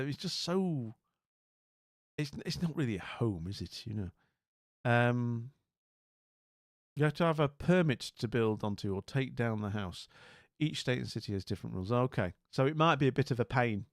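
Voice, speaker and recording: A man's voice: medium pitch, lively intonation, moderate pace, pauses often, no room sound, clean studio sound. A man streaming casually, rambling and bemused as he talks to viewers, with many restarts and asides. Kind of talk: casual live-stream commentary.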